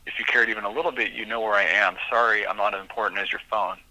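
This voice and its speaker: Bright, dry-sounding police lieutenant. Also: male voice, fairly low pitch, fairly even intonation, fast talker, dry recording, rough recording. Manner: emotional, reads messages aloud with hesitations. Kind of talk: interview.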